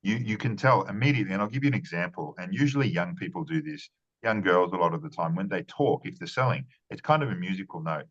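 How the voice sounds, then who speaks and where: A man's voice: low-pitched, expressive, quick pace, fairly bright tone, muffled recording. A man giving earnest conversational interview answers as a marketing strategist, often repeating words and restarting phrases.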